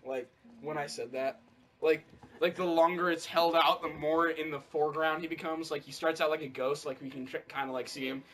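A man commentating his gameplay in casual banter, excitable, swearing loudly and bursting into shouts and laughter. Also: a little high, fairly quick. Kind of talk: casual let's-play banter.

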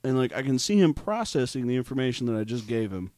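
A man's voice: mid-range voice, fast talker, no room sound, clean studio sound. Laughing young man telling a wild story. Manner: animated storyteller, acts out quotes, laughs often. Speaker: podcast co-host. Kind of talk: casual storytelling chat.

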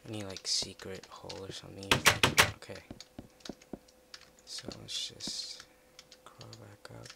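A man giving casual commentary while playing a game, chatty and muttering to himself, with excitable outbursts. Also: low voice, unhurried, vocal fry. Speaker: let's play gamer. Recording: loud background noise with keyboard typing.

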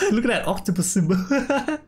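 Very high-pitched and very animated, this gamer talks at a moderate pace through relaxed let's play commentary. He laughs frequently and calls everyone bro, with game music playing behind him.

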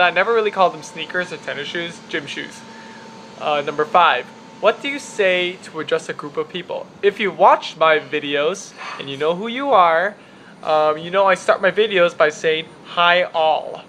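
A young man with a Chicago accent talks casually in his apartment, rambling and a bit self-deprecating. His voice sits fairly high and sounds bright and forward. A faint hum runs underneath. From Chicago area, US. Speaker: vlogger. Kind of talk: casual accent-tag vlog. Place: apartment room with window open.

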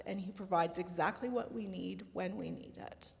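A woman sharing her faith on a church panel, speaking earnestly with soft laughs. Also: fairly low pitch, moderate pace, creaky, in a large hall. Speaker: panelist mother.

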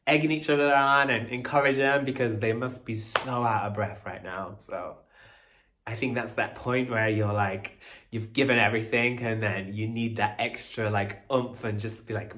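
A professional dancer commenting on a dance video for viewers, chatty and admiring, breaking into loud delighted exclamations. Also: mid-range voice, steady tone, moderate pace.

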